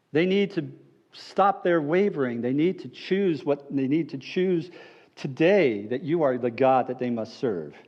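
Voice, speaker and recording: A male pastor delivering a sermon in a mid-pitched voice, shifting between lively, teasing storytelling and quiet, earnest pleading. The recording sounds a little dull and lo-fi. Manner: animated, playful storytelling that drops to low earnest appeals.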